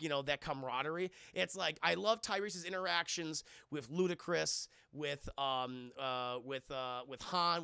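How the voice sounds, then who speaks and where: A man talks through a film for his live chat in a loose, animated way, swearing freely. His voice sits a little high, with a bright, forceful edge and plenty of gravelly fry. The sound is close and dry, with no room echo. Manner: animated and profane, acts out lines in funny voices. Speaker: streamer reviewing a film with chat. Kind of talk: casual scene-by-scene spoiler recap.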